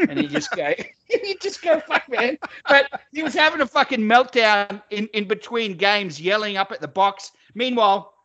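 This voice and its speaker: Laughing, swearing man with a bright voice. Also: high voice. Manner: rambling, swears a lot, laughs often. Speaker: podcast co-host. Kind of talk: casual sports chat.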